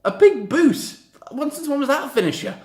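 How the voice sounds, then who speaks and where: A young man, chatting casually and excitably, swearing as he reacts. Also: very high voice, a little fast, echoey room. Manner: excitable, swears, mocks and acts out the wrestlers in little quips. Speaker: reaction vlogger. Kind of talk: casual chat.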